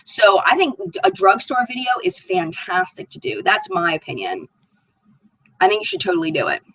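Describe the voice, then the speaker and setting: A woman's voice: fairly high pitch, huge pitch swings, normal speed, gravelly, fairly bright tone, slightly rough, dry recording, rough recording. A woman hosting a live makeup chat stream, reading viewer comments aloud and gushing over them. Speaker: beauty channel host.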